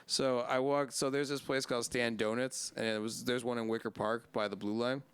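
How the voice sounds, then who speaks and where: A man's voice: mid-range voice, little pitch movement, a little fast, fairly bright tone, smooth, no room sound. A man hosting a casual podcast, telling long rambling stories full of swearing and laughing at his own punchlines. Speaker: podcast host.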